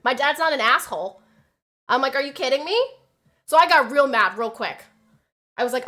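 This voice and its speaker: A young woman streamer tells a personal story in a loose, conversational way. Her voice is bright and slightly high-pitched, with a sharp edge to it. She swears freely and voices what other people said loudly and with energy. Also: moderate pace, pauses often. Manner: animated, swears, acts out quotes loudly. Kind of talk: casual storytelling chat.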